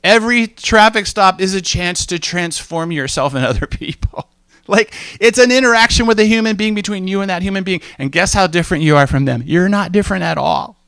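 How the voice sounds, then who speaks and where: Animated male speaker, sermon-style talk, acts out dialogue, dry close sound. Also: high-pitched, a little fast, vocal fry, smooth, dry recording. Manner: animated storytelling, acts out dialogue, emphatic repetition.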